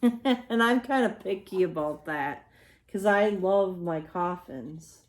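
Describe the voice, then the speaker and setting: A woman's voice: mid-range voice, lively intonation, slow. A woman chatting casually as she shows off home decor she bought, rambling and often adding apologetic asides. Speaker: home decor haul vlogger. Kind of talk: casual show-and-tell chat.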